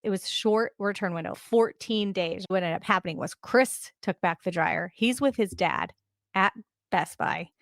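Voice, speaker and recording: A middle-aged woman co-hosting a podcast, telling a story in animated, quick bursts of casual chat. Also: mid-range voice, no echo, clean studio sound. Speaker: podcast co-host.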